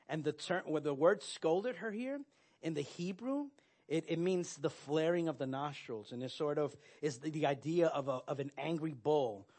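A man preaching a sermon, earnest and direct, often restarting his sentences and filling pauses with "uh". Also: on the high side, a little mellow. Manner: earnest, with frequent fillers and restarts. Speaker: pastor.

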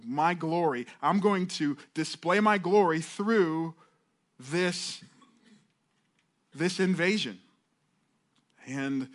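A man's voice: on the high side, fairly bright tone. A middle-aged male pastor giving a conversational sermon, restarting phrases and acting out heartfelt prayers.

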